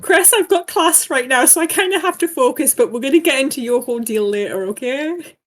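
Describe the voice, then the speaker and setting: A woman's voice: high-pitched, lively intonation, brisk. A woman playing in a tabletop game, talking in a playful, giggly way. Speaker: player. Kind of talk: casual tabletop play.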